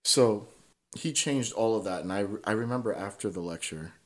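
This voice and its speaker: A man's voice: fairly low pitch, lively intonation, normal speed. Swearing, candid male podcast guest. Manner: swears freely, keeps checking in with "right?". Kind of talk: casual conversational storytelling.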